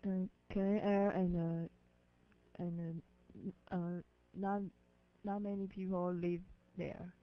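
Hesitant female student, slow. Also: lowish voice, little pitch movement. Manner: hesitant, halting answers. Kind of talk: answering in class. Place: classroom. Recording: dull lo-fi recording from off-mic.

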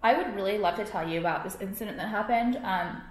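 A woman's voice: mid-range voice, fast. A young woman vlogging to her viewers, ranting in a profane, exasperated way and filling her talk with "like". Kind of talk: casual ranting to camera. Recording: echoey room.

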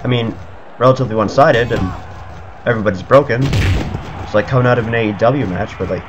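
Excitable man narrating a game. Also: mid-range voice, brisk. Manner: excitable, panicky outbursts and cursing. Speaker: gaming video creator. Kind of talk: let's play commentary. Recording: slightly muffled audio with game music. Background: video game music.

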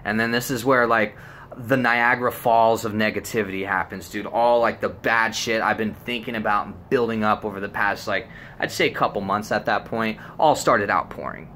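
A man's voice: lowish voice, steady tone, moderate pace, sharp tone, a little hiss or hum. A young man telling a personal story in a rambling, casual way, full of fillers and swearing. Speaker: vlogger.

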